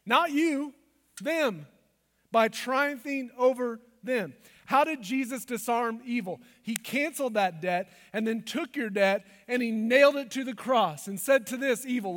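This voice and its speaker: High-voiced preacher in a reverberant hall. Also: male voice, a little slow. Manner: swings from hushed intimate asides to loud emphatic declarations. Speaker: pastor. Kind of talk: sermon.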